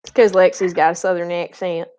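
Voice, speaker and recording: A woman player chatting at a game table in an effusive, expressive way. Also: on the low side, a little fast, clear, resonant tone, no echo. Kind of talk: casual chat at a game table.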